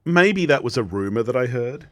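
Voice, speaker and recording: A man's voice: mid-range voice, lively intonation, moderate pace, fairly bright tone, dry recording. An Australian man co-hosting a podcast, rambling through a casual sitcom recap, laughing often and swearing freely. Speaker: podcast co-host.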